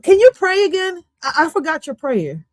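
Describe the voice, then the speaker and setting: A woman's voice: extremely high pitch, big pitch swings, moderate pace, a little mellow, no room sound. A woman reacting to a podcast clip on her stream, goofy and swearing, slipping into now and then. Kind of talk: casual reaction commentary.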